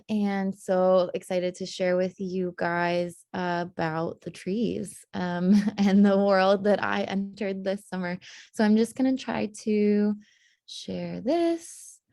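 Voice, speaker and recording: A woman's voice: mid-range voice, dry recording, clean studio sound. A young woman, a tree historian, presenting casually on a video call, chatty and full of fillers and small laughs. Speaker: tree historian giving a talk.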